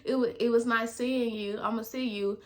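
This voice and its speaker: A woman voicing an awkward, clingy young man, hesitant and soft-spoken. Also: a little high, fairly even intonation, moderate pace, close to an everyday voice. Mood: sheepish.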